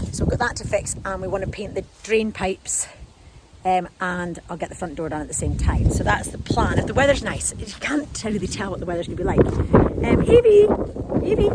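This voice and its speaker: An out-of-breath lifestyle vlogger chats and rambles during a casual walk-and-talk vlog outdoors in a garden and field. She calls her dog in a high sing-song, and the recording picks up background noise.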